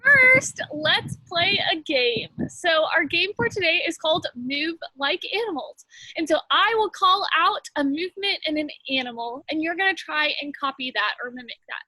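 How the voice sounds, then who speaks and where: A woman's voice: extremely high pitch, expressive, moderate pace, pushed and bright. A young woman leading children in a movement game, cheerful, calling out moves one by one. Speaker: children's ministry teacher.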